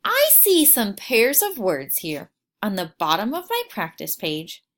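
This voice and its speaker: Woman teacher doing a phonics video for kids, slow and careful, voice going way up and down. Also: medium pitch, wildly swooping pitch, a bit bright. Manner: slow, exaggerated sounding out of words. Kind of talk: phonics lesson narration to children.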